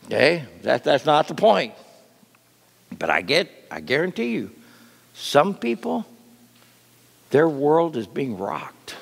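A man preaching a sermon with lively, animated delivery that drops to soft near-whispers. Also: on the high side, takes it slowly, creaky, pauses often, big-room sound. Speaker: pastor.

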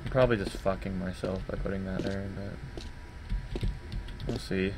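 Jumpy, cursing man playing a horror game. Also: measured pace. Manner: babbling and swearing when scared; jumps to loud high yelps. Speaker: gaming YouTuber. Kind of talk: horror game let's play commentary. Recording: steady background noise.

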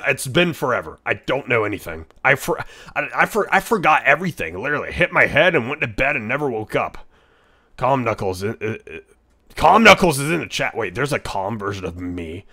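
A man voicing a brash, hot-headed male echidna in a live-stream role-play, rambling, stammering and crude, quick to yell. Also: on the low side, slightly rough, heavily acted.

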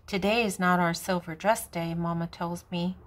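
A woman's voice: on the low side, fairly even intonation, moderate pace. Grandmother reading a picture book. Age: older. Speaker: storybook reader.

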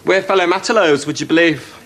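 Sitcom: camp tea orderly, chirpy and theatrical, voice a bit high. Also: male voice, quick pace, a bit bright, a little hiss or hum. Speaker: hospital orderly serving tea. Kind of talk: 1990s TV sitcom acting.

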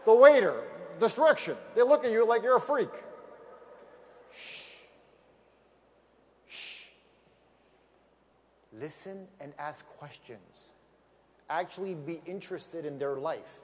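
A man giving an energetic motivational talk on stage with slides, emphatic and repeating key phrases for effect. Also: sits high, big-room sound, a little hiss or hum. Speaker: business opportunity speaker.

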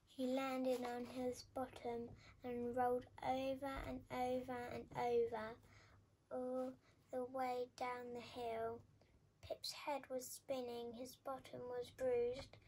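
A woman reading a children's picture book aloud with expressive, lively storytelling. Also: high-pitched, a little hiss or hum. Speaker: storybook reader.

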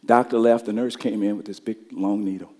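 A male pastor preaching a sermon, telling stories and building up to shouted climaxes. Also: lowish voice, fairly even intonation, brisk, in a large hall.

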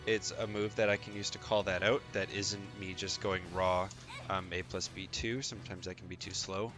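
A man giving a casual fighting game tutorial, explaining moves in a relaxed way with frequent "um" and "right?" asides. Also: sits low, normal speed, over music.

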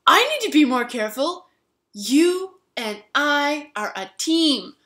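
A man's voice: very high voice, sing-song, slow pace, sharp tone, voice pushed up, exaggerated voice. A woman voicing a clumsy man who earnestly over-apologizes after spilling a drink, in an echoey room.

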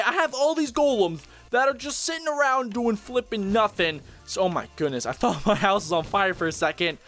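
A young man giving excited, exclamatory commentary while playing and showcasing a game mod, chatting to his viewers. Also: very high voice. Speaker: gaming YouTuber. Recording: faint background music.

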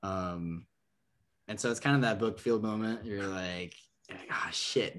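A man's voice: on the low side, unhurried. A young man from Nebraska, a podcast guest telling a long story, full of "like" and "um", acting out the people in it. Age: young adult. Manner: rambling, full of "like" and "um"; acts out the people in his story with lively quotes. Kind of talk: casual storytelling.

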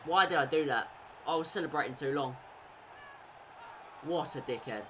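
Excitable gamer shouting over goals. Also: male voice, on the high side, normal speed, a little hiss or hum. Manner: swings between loud shouted celebration and muttered frustration. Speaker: gaming YouTuber. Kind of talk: excitable gameplay commentary.

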